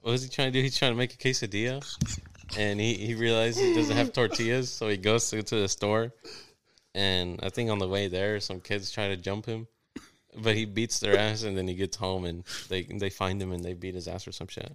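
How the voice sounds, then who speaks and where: A man's voice: lowish voice, brisk, fairly bright tone, smooth. A man hosting a podcast, joking around in laid-back casual chat. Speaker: podcast host.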